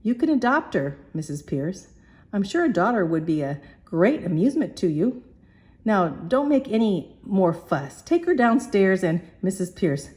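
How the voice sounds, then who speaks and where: A woman's voice: medium pitch, expressive, measured pace, darkish tone, natural voice. Woman playing a pompous bossy professor. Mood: brusque. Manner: pompous, brusque.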